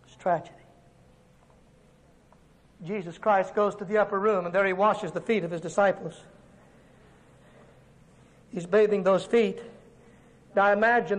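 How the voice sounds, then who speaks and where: Very high-voiced dramatic male evangelist. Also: poor audio. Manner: dramatic storytelling, swings from loud to hushed. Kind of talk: dramatic sermon.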